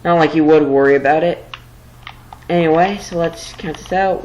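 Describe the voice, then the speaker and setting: A woman's voice: on the low side, normal speed, a little hiss or hum, rough recording. A woman giving casual let's-play commentary while building, rambling and a little flustered, tired late at night. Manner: rambling, flustered, self-deprecating. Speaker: gameplay commentator.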